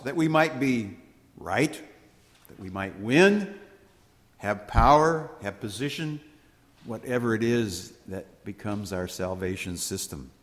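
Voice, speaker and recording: A man delivers a gospel reading and sermon in a church, his voice fairly low and his delivery unhurried. He speaks with solemn, measured weight, leaving deliberate pauses between phrases. A long reverb from the hall trails after each line. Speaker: priest.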